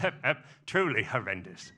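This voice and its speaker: A man's voice: lowish voice, sing-song, normal speed, pushed and bright, exaggerated voice. A man on stage impersonating a wry older actor with a London accent, clipped and hesitant. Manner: clipped, hesitant with repeated uhs.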